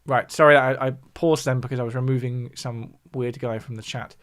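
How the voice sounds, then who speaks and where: Hosting a music livestream on YouTube, this southern English man speaks with a steady, clean tone at medium pitch and a slightly quick pace. He explains things in a relaxed way, stopping between points to respond to what viewers write in chat.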